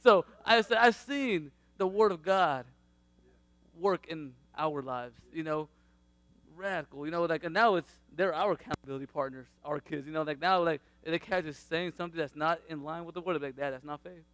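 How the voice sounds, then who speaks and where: This man, probably in his thirties, talks at a normal speed in a fairly high voice, recorded with no room sound. His faith testimony about his family comes across as relaxed and animated, punctuated by frequent laughter and acted-out quotes from others.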